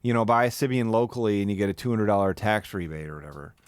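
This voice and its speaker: A man's voice: lowish voice, animated, fast talker, clear, resonant tone, no echo. A young man live-streaming his commentary on a video, mocking the clip with profane, swooping outbursts. His voice rises and falls widely, and it sounds close and dry, with no room in it.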